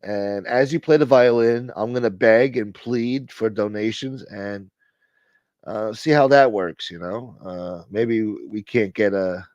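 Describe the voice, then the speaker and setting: A man hosting a casual livestream, thanking donors and shouting out viewers by name in a profane, joking way. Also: on the low side, dry recording, dull audio. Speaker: livestream host. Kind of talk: casual live chat reading donations.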